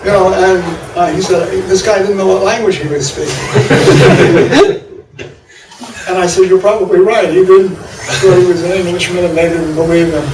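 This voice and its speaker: A man's voice: high-pitched, unhurried, pauses often. An older man from New York with a New York accent, a poet speaking at a symposium in a meandering, improvised way, full of restarts and wry asides. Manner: digressive, many restarts and fillers, wry laughs. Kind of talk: rambling improvised talk. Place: large echoey university room. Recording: echoey room, far mic, audible hiss.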